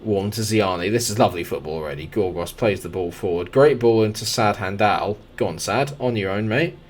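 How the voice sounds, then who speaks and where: A young man with a lowish voice talks through a football sim match as he plays it. He jumps into excited play-by-play calls, then drops back into relaxed, chatty remarks aimed at his players. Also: brisk, husky. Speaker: gaming YouTuber. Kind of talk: live football sim commentary.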